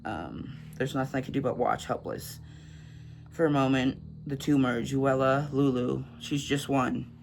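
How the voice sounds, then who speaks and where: A man's voice: medium pitch, measured pace, gravelly, noisy background. A man casually recapping a novel for a book vlog, reading passages aloud and chatting with lots of fillers. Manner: chatty, filler-heavy, laughs at grim scenes. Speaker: book vlogger.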